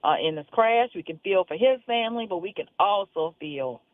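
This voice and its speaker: A woman attorney calling into a radio show as a guest, speaking in a measured, earnest way. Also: mid-range voice, expressive, dry recording. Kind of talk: call-in radio talk. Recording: tinny phone line.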